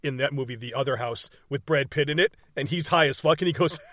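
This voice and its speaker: A man's voice: medium pitch, fast talker, fairly bright tone. A man casually recapping a movie scene by scene, swearing freely, laughing often and acting out lines from the film. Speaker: podcast co-host.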